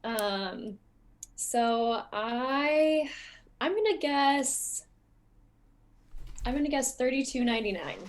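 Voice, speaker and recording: A woman contestant telling quick, rambling stories. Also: high voice, animated. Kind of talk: casual game banter.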